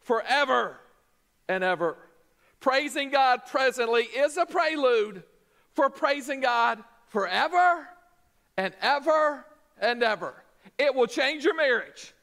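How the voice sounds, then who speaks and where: High bright-voiced preacher man. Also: lively intonation, slow pace, gravelly. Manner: emphatic, rising to shouts. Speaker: pastor. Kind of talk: sermon.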